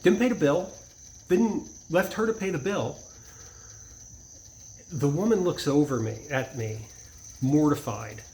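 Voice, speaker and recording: A man's voice: on the high side, lively intonation, measured pace, long pauses, a little mellow, slight background noise, poor audio. A man telling a personal story in a casual vlog, rambling with many restarts and asides. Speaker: vlogger.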